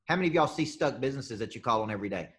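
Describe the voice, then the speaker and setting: Punchy business coach. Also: male voice, mid-range voice, lively intonation, very fast, fairly bright tone. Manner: punchy, emphatic, repeats phrases. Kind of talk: live group coaching session.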